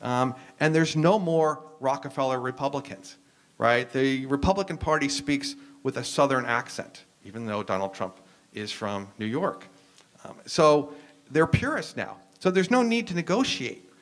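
An American man talks through his points in a loose lecture style, leaning on "um" and restarting his sentences as he goes. His voice sits at an everyday middle pitch. He is a professor speaking as a panelist. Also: animated, normal speed, fairly bright tone. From United States. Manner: explanatory, frequent "um" and restarts.

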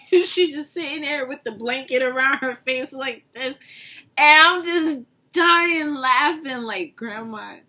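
A young woman vlogger telling a casual storytime, animated and often breaking into laughter. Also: high voice, unhurried.

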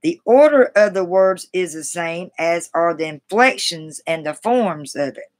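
A woman's voice: fairly low pitch, expressive. Chatty woman reading a grammar book aloud. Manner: halting, restarts words, self-deprecating and chatty. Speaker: writer live-streaming.

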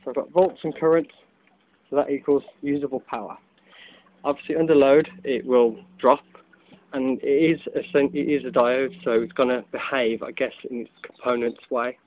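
A hobbyist vlogger with a medium-pitched, steady voice talks at a normal pace in a casual demonstration video. Shot outdoors in afternoon sunlight on a phone camera, the sound is tinny and narrow, and he's loose and chatty, peppered with ums and self-corrections.

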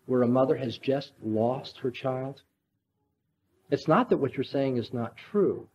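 A man's voice: mid-range voice, muffled recording, a little hiss or hum. A man giving an earnest, emphatic apologetics lecture, speaking straight to his audience.

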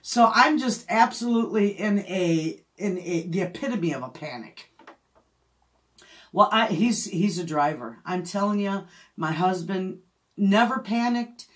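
A middle-aged woman talks casually to her viewers. She is a chatty storyteller who laughs often, in a voice of ordinary pitch. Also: lively intonation, a little slow. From Michigan, USA. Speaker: homestead vlogger. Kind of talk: casual chat.

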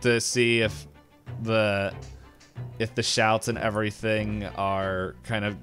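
A man with a lowish voice guides players through a tabletop horror game, taking his time. He is laid-back and breaks into laughter often. Faint music plays under him. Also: little pitch movement, slow, fairly bright tone. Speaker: game master.

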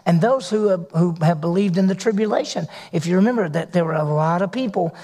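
A man's voice: high-pitched, fairly quick, dark tone. A male pastor, preaching a sermon to his congregation in folksy storytelling style. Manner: folksy storytelling with acted quotes. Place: church hall. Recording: long hall reverb.

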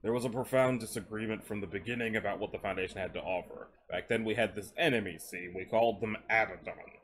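A man reading aloud and voicing a weary older man who answers in a low, clipped way. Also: fast talker, a bit bright, slight background noise, lightly acted.

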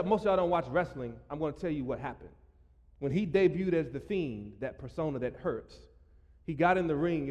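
A man's voice: medium pitch, in a large hall. A man preaching a sermon as pastor, joking with the congregation and breaking into laughing asides. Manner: playful, jokey preaching with bursts of loud laughing asides. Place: church sanctuary.

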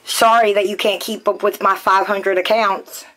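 A woman's voice: mid-range voice, flat delivery, moderate pace, a bit bright. Blunt, foul-mouthed woman streamer. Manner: blunt, profane, rambling with fillers. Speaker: live streamer. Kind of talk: casual live stream chat.

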